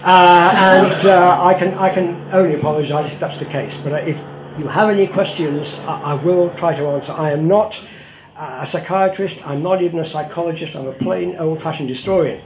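An older male historian gives a public lecture in a slightly high voice, speaking briskly. His manner is wry and conversational, full of ums and asides, with background noise and the echo of a roomy hall.

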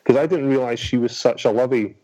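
A man's voice: medium pitch, fast, background noise. A man from Scotland with a Scottish accent, chatting as a guest and telling self-deprecating anecdotes. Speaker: guest voice actor. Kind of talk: casual chat.

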